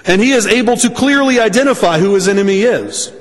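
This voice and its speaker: A man preaching a sermon, speaking deliberately and restating his points for emphasis. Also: high voice, lively intonation, in a large hall.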